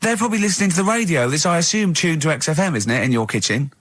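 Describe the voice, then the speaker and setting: A man's voice: a little high, lively intonation, racing, a bit bright. A man hosting comic radio banter in a studio, teasing and laughing often. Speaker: radio host.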